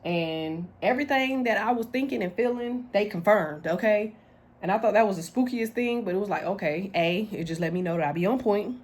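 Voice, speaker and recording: A woman's voice: medium pitch, fairly quick. Blunt, slangy woman reading tarot. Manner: blunt, slangy, animated, laughs often. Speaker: tarot reader. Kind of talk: casual tarot reading to camera.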